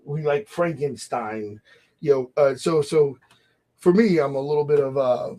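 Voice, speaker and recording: Male host, slightly high voice, animated, laughs a lot, casual faith chat. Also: measured pace. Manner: animated, laughing often, acts out voices in quotes.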